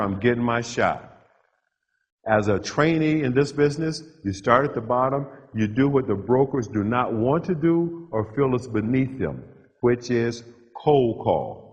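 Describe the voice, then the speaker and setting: A middle-aged man giving a motivational keynote, telling his own story in short punchy phrases with dramatic pauses. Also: mid-range voice, breathy edge. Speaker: motivational speaker. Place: large hall with a live audience. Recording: dull lo-fi live hall recording.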